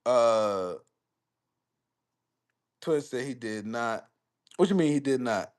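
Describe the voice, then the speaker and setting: A young man hosts a live stream of casual sports talk. His voice sits at an average pitch, and his delivery is animated and profane. He rambles, repeats himself and answers his chat as he goes. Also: normal speed.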